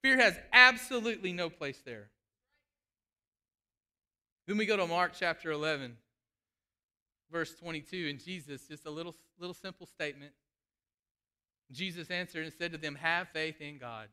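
A man's voice: on the high side, moderate pace, pauses often, pushed and bright, clean tone. A man preaching a sermon, fervent and emphatic, calling out to the congregation.

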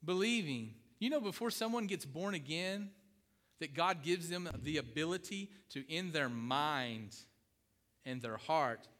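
A man's voice: medium pitch, fairly bright tone, big-room sound. A middle-aged man preaching a sermon, emphatic, repeating key phrases and asking his congregation questions. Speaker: pastor.

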